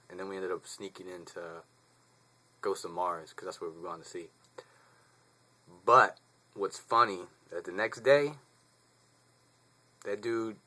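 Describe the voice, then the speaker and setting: A vlogger in his twenties, with a fairly low, sharp-toned voice, casually tells a story to the camera. He rambles and uses plenty of profanity and slang.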